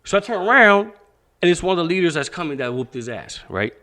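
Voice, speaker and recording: A man's voice: on the high side, fast. A man, a boxing coach, telling stories as a podcast guest in a casual, profane way. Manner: animated, profane, acts out quoted speech. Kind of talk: casual interview storytelling.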